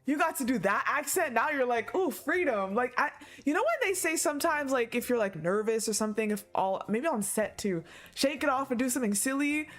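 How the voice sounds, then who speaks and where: A woman's voice: sits high, lively intonation, brisk, few pauses, fairly bright tone. A woman streaming her reaction to a game, reading the story aloud and laughing a lot. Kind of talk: casual live reaction.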